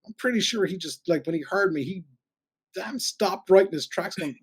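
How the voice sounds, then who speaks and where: A middle-aged man with a Cork Irish accent, a radio broadcaster telling animated anecdotes in a casual chat and acting out the voices he quotes. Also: high voice, moderate pace, husky. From Ireland. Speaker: podcast guest, radio broadcaster.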